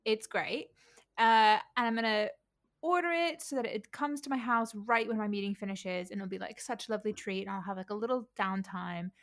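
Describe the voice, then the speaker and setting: A woman's voice: medium pitch, a little fast. A young woman co-hosting a podcast, telling candid stories about her day and laughing through them. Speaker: podcast co-host. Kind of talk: casual chat.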